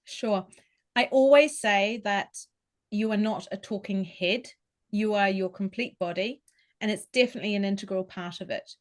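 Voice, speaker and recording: A woman talks as a vocal coach in a podcast interview. She explains clearly and carefully, and she shows each point by demonstrating how a voice can sound. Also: medium pitch, moderate pace. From New Zealand. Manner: articulate, instructive, demonstrates vocal tones.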